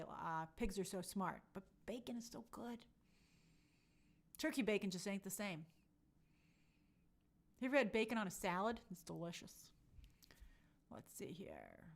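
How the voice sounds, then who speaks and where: A woman's voice: on the high side, a bit bright. A woman hosting a casual live stream, reading viewer comments aloud and reacting in an upbeat, chatty way. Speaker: livestream host reading chat.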